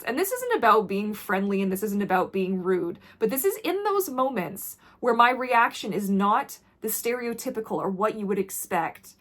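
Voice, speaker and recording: A woman vlogger talking candidly to camera in a blunt, intense way that drops to quiet when the subject gets heavy. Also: mid-range voice, very animated, normal speed, few pauses.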